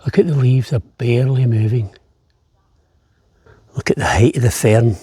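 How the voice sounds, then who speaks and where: A man's voice: medium pitch, normal speed, mellow, husky, no echo, clean studio sound. A man, a travel vlogger, chatting as he walks an island path outdoors, slightly out of breath on the climb. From Scotland. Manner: chatty, easygoing, jokey. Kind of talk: walking travel vlog.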